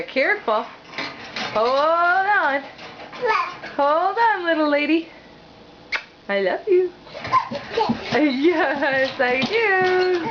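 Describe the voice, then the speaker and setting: Parent on a home camera: unhurried, playful baby talk, muffled sound with steady background noise. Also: female voice, high-pitched. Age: adult. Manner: playful, cooing sing-song baby talk. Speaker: parent filming her toddler. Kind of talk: home video chat to a toddler.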